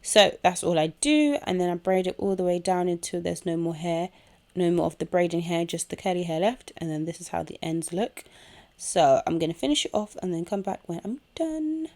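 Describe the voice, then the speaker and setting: A woman's voice: fairly low pitch, moderate pace, dark tone. A young woman hosting a casual hair tutorial at home, chatting through each step while chewing gum. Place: home room with a kettle nearby.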